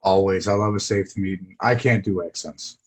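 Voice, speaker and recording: Male podcast co-host, low voice, relaxed with short answers. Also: a little fast. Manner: laid-back, brief replies. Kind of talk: casual chat.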